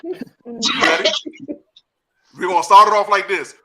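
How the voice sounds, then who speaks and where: A man with a D.C. hosts a loose podcast chat. He sits high in his range for a man, with a bright, forceful edge. He coaches and sets up scenes with lively energy and frequent laughter. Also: measured pace. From Washington, D.C. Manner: animated, laughing, coaching and directing others. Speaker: podcast host and acting teacher.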